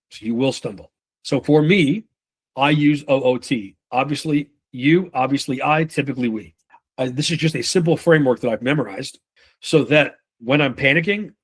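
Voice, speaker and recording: A man coaching sales reps in a relaxed, unpolished way, with frequent swearing and asides. He keeps slipping into short impressions of clients and reps to make his points. His voice sits at an ordinary middle pitch. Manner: casual, swears freely, acts out buyer and rep lines. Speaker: sales trainer. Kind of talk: live sales training session.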